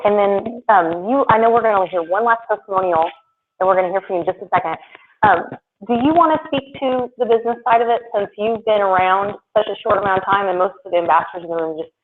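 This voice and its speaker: A woman presenting to a live audience in a chatty, animated way. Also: medium pitch. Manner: chatty and animated, acts out quoted voices. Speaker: product presenter. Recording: tinny phone-like live stream, faint noise.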